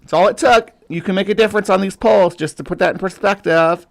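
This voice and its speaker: A man's voice: high voice, fast, creaky. Rambling man hosting a livestream. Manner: rambling, loose with fillers and restarts. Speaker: host. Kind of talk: casual livestream chat.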